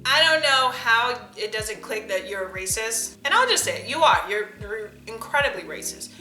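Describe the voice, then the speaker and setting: A woman's voice: on the high side, sing-song, moderate pace, sharp tone. A young woman, ranting bluntly and sarcastically through a casual list video. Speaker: vlogger. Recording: echoey room with faint music.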